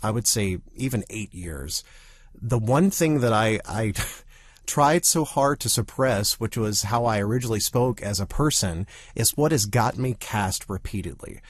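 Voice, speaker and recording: Animated male podcast co-host. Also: on the low side, unhurried, no echo. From Southern United States. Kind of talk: casual podcast chat.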